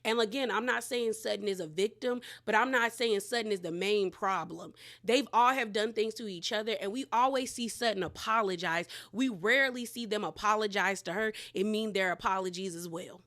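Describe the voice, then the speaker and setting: A woman's voice: mid-range voice, a little fast, few pauses, fairly bright tone. A woman hosting a casual recap of a reality TV episode. She talks bluntly in slang and acts out the cast members' lines as she retells them.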